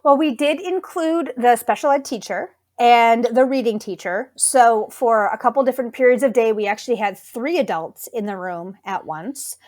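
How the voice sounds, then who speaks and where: A woman school librarian chatting in an interview, her voice sitting a bit on the high side. She talks things through thoughtfully and warms up with enthusiasm. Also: normal speed, hardly any pauses. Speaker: school librarian, podcast guest. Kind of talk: conversational interview.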